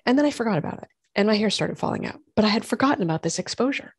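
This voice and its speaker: A woman, a doctor and host telling her own health story in lively conversation, acting out what others said. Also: medium pitch, rapid-fire, slightly rough, no room sound, clean studio sound. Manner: animated storytelling, acts out quoted voices. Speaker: functional medicine gynecologist and podcast host.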